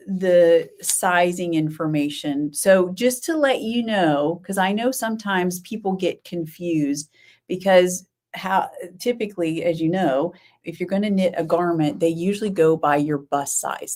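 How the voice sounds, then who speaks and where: Chatty lower-voiced woman host. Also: a little slow, darkish tone. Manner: chatty and rambling, laughs often, answers viewers by name. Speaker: knitting podcast host. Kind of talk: casual live-stream chat with viewers.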